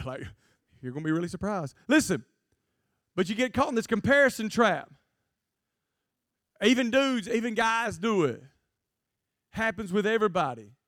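A man preaching a jokey, animated youth sermon to a live student audience. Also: fairly high pitch, no echo, studio quality. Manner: jokey, animated, acts out quotes in funny voices. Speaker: guest preacher.

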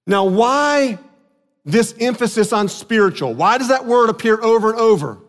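A pastor with a high voice delivers an animated sermon, often breaking into the voices of the people he quotes. His words ring out with a long tail of reverb, as in a big sanctuary. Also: moderate pace.

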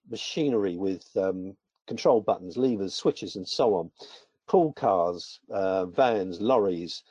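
A middle-aged man presenting a webinar in a measured, methodical way. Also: lowish voice, dark tone, slightly rough, no room sound. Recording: dull, lo-fi sound.

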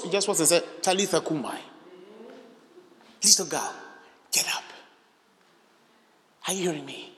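A man preaching a charismatic sermon, emphatic and animated, breaking into shouts and asking the congregation questions. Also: high-pitched. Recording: echoey hall.

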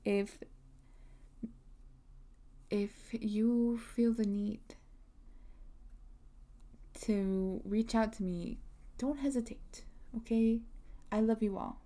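A woman's voice: medium pitch, steady tone, very slow, pauses often, warm tone. A young woman hosting a casual solo podcast, chatty and rambling with lots of fillers. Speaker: podcast host.

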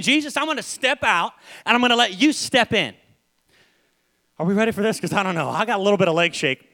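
Young male preacher, high bright voice, energetic and chatty, repeats lines for emphasis. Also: quick pace. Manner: energetic, conversational, repeats phrases. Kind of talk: sermon.

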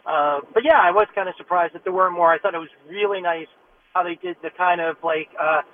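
A man calls in to sports radio, speaking in a relaxed, hesitant way full of fillers. His voice is a bit high and comes through a tinny phone line with faint noise behind it. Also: brisk. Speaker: caller. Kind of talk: call-in chat.

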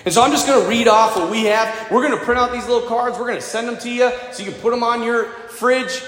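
A man preaching a sermon to his parish, retelling a story with animated, dramatic delivery. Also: very high voice, fast talker. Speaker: priest. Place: church. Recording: echoey church hall.

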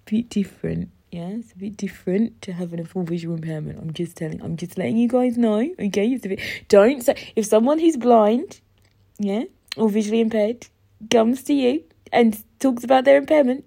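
A young woman hosting a podcast, telling a story in a chatty, expressive way, swearing freely and repeating herself for emphasis. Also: mid-range voice, normal speed, vocal fry, slightly rough. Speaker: podcast host. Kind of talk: casual storytelling monologue.

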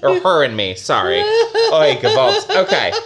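A man's voice: on the high side, moderate pace, over a noisy crowd. A man co-hosting a podcast, casually chatting and joking, playfully lecturing about grammar like a teacher. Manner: playful mock-lecturing, animated. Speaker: podcast co-host. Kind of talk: casual comedic chat.

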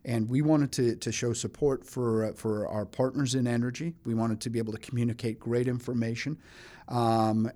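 A man's voice: mid-range voice, warm tone. A middle-aged man from England, a studio guest on a radio talk show, chatty with many restarts. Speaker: economic development chief, studio guest. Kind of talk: casual radio interview.

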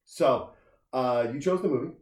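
Brief: casual male podcast host, mid-pitched and rambling, echoey room. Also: moderate pace, a little mellow. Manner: rambling storyteller, many restarts and filler words. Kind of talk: casual chat.

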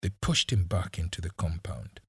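Male audiobook narrator, low husky voice, slow and dry, measured dramatic delivery. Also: fairly bright tone, dry recording.

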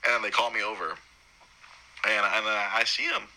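A man telling the story of his son's birth in a casual, halting way. He is choked up and keeps restarting, and his voice jumps high when he quotes himself. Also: sing-song, bright, forceful tone, rough recording. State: choked up, holding back tears. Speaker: new father recounting his son's birth.

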